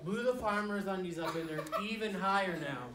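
A woman, a children's author, reads a rhyming picture book aloud to young children in a school, playful and animated, with joking asides to the kids. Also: mid-range voice, brisk, heavy background noise. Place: school room full of first graders. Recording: echoey room, distant mic, loud children. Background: children chattering and laughing.

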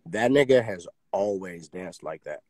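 A man talking in a casual podcast chat, excitable and swearing freely, his pitch jumping high when he gets worked up. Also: normal speed, a crowd in the background. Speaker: podcast host.

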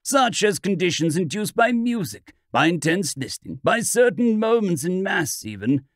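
A man voicing a stern, grave old priest who speaks in a solemn, measured way in an audiobook reading. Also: high-pitched, big pitch swings, no room sound, studio quality, voice pushed up. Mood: earnest.

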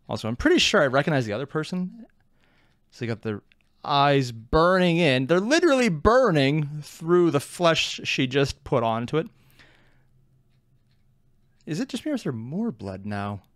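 An excitable man talks through a cartoon in casual reaction commentary, laughing often. His voice is mid-pitched but leaps about a lot, and it sounds dry and close on a desk mic. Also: no room sound. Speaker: reaction video host.

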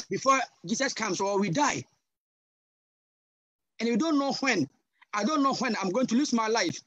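A man with a Ghanaian accent preaching a sermon over a video call, passionate and switching between English and Twi with sudden loud cries. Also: extremely high pitch, no echo. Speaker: guest pastor.

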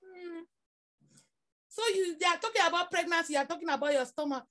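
A woman preacher, telling an animated story in a sermon and laughing through her words. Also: very high voice, fairly quick.

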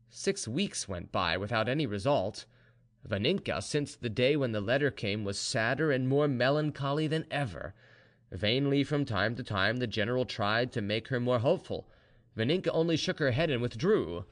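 A man reading an audiobook as narrator, expressive and giving each character a voice of his own. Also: mid-range voice.

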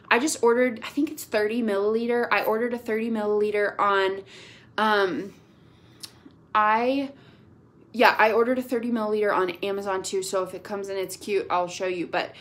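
A woman, speaking over a video call as a team leader giving a pep talk. Her delivery is gushing and upbeat, loose and chatty, full of fillers. Her voice sits at a middle pitch. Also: fairly bright tone. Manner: gushing, upbeat, lots of "like" and "y'all". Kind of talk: casual motivational talk.

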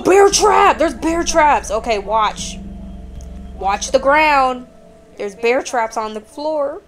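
Brief: woman gamer, slightly high voice, nervous let's-play chatter over faint game music. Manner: jittery, chatty, talks to viewers as y'all. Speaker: gamer playing a horror game.

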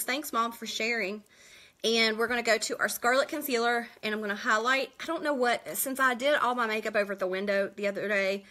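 A woman from West Virginia hosting a casual live makeup tutorial from home, chatty and quick, greeting viewers by name. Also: mid-range voice, bright, forceful tone, a little hiss or hum. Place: at home indoors.

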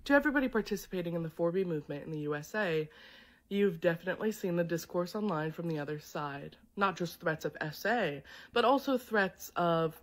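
Defiant woman, low voice. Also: animated, brisk. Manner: pointed, defiant. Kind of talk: addressing viewers online.

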